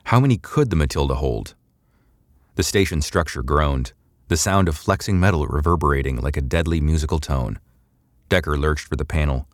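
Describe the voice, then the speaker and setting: A man narrating a sci-fi audiobook in a steady, measured storytelling voice, close to a studio mic. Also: a bass voice, no echo.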